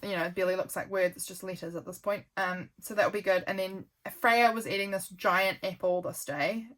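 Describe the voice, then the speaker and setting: A woman's voice: medium pitch, steady tone, a little fast, fairly bright tone. A young woman, chatting casually and rambling with lots of ums while flipping through her journal. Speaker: journaling vlogger.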